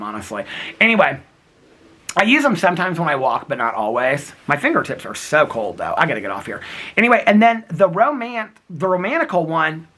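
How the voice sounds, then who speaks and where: Outdoors in cold, snowy weather, a man in his fifties chats and giggles through a casual daily vlog, calling viewers girl and honey. His medium-pitched voice is pushed and bright with a breathy edge.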